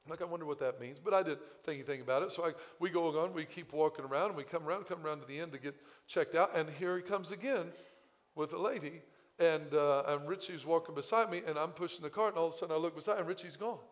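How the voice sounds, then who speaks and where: Male pastor, slightly high voice, storytelling sermon in a long-reverb church hall, voice a bit worn. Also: fast. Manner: storytelling, animated asides and laughs. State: recovering voice, slightly strained. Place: church sanctuary.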